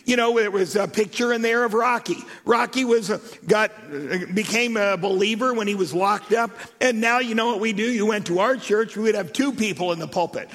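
A man preaching a sermon and telling stories in an animated way, with shouted emphasis. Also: sits high, brisk, few pauses. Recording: echoey hall reverb.

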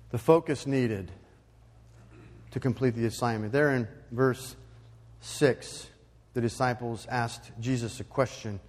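Preaching man in an echoing church. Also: medium pitch. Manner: animated preaching, rising to loud emphatic peaks. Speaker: pastor. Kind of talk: sermon.

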